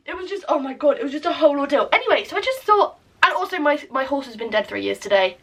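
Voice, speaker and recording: High-voiced woman, sweary rambling vlog. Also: very animated, fast talker, fairly bright tone, distant mic. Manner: self-deprecating, sweary, rambling storytelling. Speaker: vlogger. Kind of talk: casual day-in-my-life vlog chat. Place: at home, indoors.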